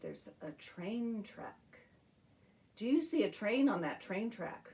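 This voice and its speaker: A woman teaching a children's music and movement lesson in a gentle, encouraging way. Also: mid-range voice, big pitch swings, recorded from a distance, slight background noise. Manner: slow, gentle, encouraging, talks to young children.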